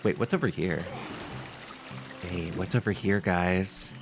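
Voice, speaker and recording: A man's voice: deep voice, takes it slowly, over music. A man streaming gameplay live, chatting casually with his viewers in a joking, self-mocking way. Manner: animated, joking, talks to chat.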